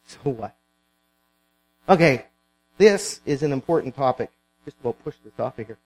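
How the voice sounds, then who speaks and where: A man's voice: mid-range voice, expressive, normal speed, dry recording, low-quality recording. A man preaching a sermon as pastor, earnest and pleading, repeating words as he builds his points.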